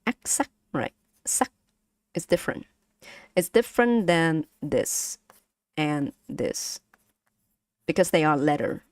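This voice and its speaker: Young woman, Vietnamese accent, casual stream teacher; unhurried and halting, slightly low voice, dry close sound. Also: no room sound. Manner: slow, halting, many fillers and repeats, laughs often. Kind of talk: casual language lesson stream.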